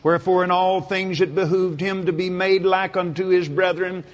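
A man preaching a sermon in a folksy, animated way, breaking into shouts and laughter. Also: sits high, normal speed. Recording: long hall reverb.

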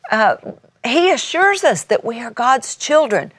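A woman's voice: a little high, very animated, unhurried, slightly rough, no room sound. An older woman and grandmother giving a folksy Bible teaching as a TV minister, citing scripture as she goes. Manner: folksy, warm-hearted teaching with scripture references.

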